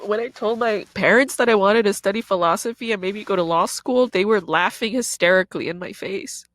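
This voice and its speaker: A woman's voice: mid-range voice, brisk, no room sound. A woman in her thirties, a podcast host and comedian, giving a raw confessional monologue in a blunt, profane way.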